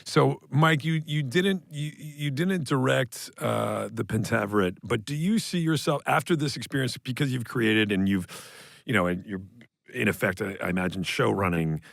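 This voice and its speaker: A man's voice: medium pitch, normal speed, vocal fry, fairly bright tone, no room sound, studio quality. A man co-hosting a podcast, asking long rambling questions with many restarts in a casual chat. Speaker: podcast co-host.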